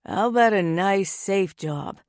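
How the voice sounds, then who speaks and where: Woman doing a gruff protective brother. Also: medium pitch, lively intonation, unhurried, dry recording. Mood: coaxing. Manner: dry, worried suggestions.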